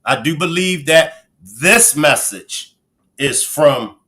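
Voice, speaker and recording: Bright-voiced Baltimore man, chatty host. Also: fairly high pitch, expressive, slow. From Baltimore, Maryland. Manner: chatty, giving shout-outs to viewers. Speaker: livestream host. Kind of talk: casual livestream commentary.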